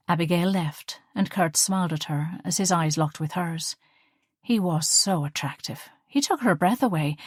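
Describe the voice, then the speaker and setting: A woman narrating an audiobook in a measured, even storytelling manner. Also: fairly low pitch, breathy edge, no echo, studio quality.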